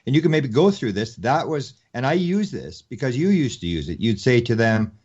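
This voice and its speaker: Radio host with loose, wandering questions. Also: male voice, mid-range voice, big pitch swings, a little fast, a little mellow, husky. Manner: prompting, loosely phrased questions. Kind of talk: interview questions. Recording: dull lo-fi radio audio.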